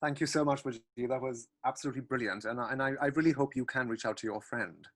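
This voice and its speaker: A man's voice: mid-range voice, fast talker, fairly bright tone. A man moderates a panel discussion, speaking encouragingly and often repeating words as he restarts.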